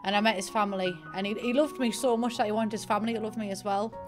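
A woman's voice: medium pitch, fairly even intonation, fast talker. A young woman with a Northeast English accent, streaming and chatting casually, rambling through a story and thanking viewers. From northeast England. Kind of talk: casual gaming stream chat. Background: faint piano music.

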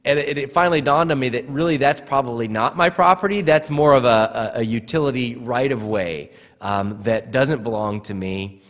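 Man, pastor, earnest sermon, middle pitch, echoing church hall. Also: normal speed. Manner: earnest, repeats words at starts of phrases. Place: church sanctuary.

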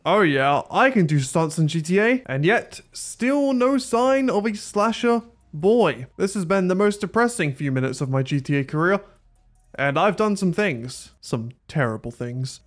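High-voiced young Australian gamer guy. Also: animated, a little slow, faint music behind. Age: 20s. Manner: joking, self-deprecating, rambling. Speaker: gaming YouTuber. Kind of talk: gameplay commentary.

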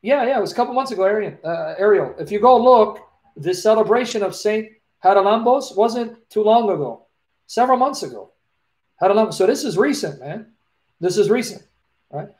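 The live Q&A host speaks briskly in a high-pitched, darkish voice with lively intonation over the video call. He shares a personal story in an earnest, emotional way and often says his phrases again.

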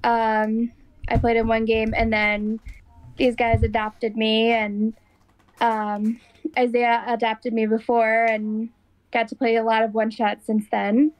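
A woman chatting casually as a guest, hesitant, with many pauses and ums. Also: a little high, monotone, no room sound, poor audio. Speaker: guest player. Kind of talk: casual chat.

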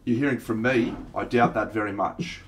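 A man's voice: lowish voice, fairly even intonation, normal speed, slight background noise. An Australian man chatting casually on a livestream while he paints miniatures, swearing now and then and answering viewers by name. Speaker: streamer.

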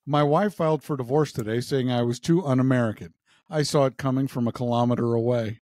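A man's voice: fairly even intonation, a little fast, a little mellow, dry recording. A man co-hosting a podcast, telling jokes in casual chat and lifting his voice playfully for the characters. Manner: retells jokes with playful pitch shifts for characters. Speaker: podcast co-host.

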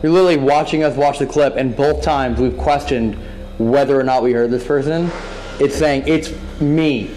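Excitable man ghost hunting at night. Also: mid-range voice, normal speed, a little hiss or hum, rough recording. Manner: excitable, swearing, talks over his partner. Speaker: paranormal investigator. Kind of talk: casual ghost-hunting vlog. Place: dark old hospital building at night.

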